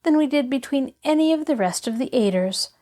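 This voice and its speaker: A woman's voice: sits high, animated, brisk, warm tone, pitched above the performer's own voice. A woman reading a storybook aloud, voicing an eager, cheerful little girl who chatters on.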